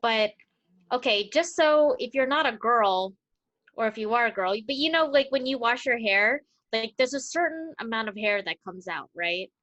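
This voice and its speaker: A woman's voice: on the high side, expressive, normal speed, fairly bright tone, no room sound, highs cut off. A young woman co-hosting a podcast in casual chat, playful and teasing. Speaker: podcast co-host.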